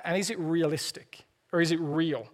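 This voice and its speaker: A man's voice: fairly high pitch, steady tone, moderate pace. A man preaching a sermon, earnest with playful asides, often repeating the first word of a phrase. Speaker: pastor.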